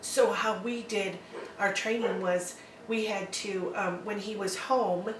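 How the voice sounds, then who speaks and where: A woman's voice: mid-range voice, steady tone, takes it slowly, far from the mic, noisy background. A woman in her fifties telling her story in a casual interview, hesitant and rambling, with lots of ums. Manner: rambling, hesitant, many ums and likes, laughs often. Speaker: adoptive mother, interview guest. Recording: roomy echo, from off-mic, faint ambience.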